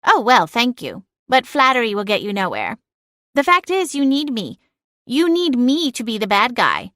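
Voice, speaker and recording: A woman's voice: on the high side, huge pitch swings, normal speed, a bit bright, dry recording, voice pushed up. A woman voicing a snarky, sarcastic female cat familiar with a dry, cutting, mocking manner in an audiobook. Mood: snide. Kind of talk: audiobook narration.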